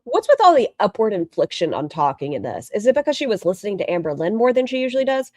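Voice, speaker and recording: A woman's voice: mid-range voice, very animated, fast talker, mellow, dry recording. A woman hosting a reaction stream, commenting in a sarcastic, mocking way.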